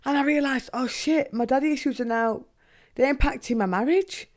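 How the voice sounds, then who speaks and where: A young woman hosting a podcast, talking casually and candidly, swearing freely and asking herself questions out loud. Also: high-pitched, moderate pace. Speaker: podcast host. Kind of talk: casual monologue.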